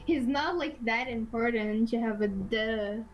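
High-pitched slow-talking young woman. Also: dull audio, noisy background. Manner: giggly, hesitant with many fillers. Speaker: tabletop game player. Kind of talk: casual in-character game chat.

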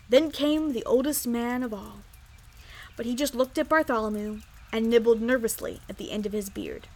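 A woman reading a children's story aloud in an expressive, lively way. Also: fairly high pitch, normal speed.

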